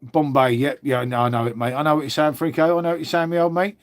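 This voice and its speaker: A man's voice: a little high, level tone, fast, no echo. Chatty middle-aged English man, dry sound. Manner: chatty, matey, says "mate" a lot. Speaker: livestream host. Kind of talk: casual live chat reading viewer comments.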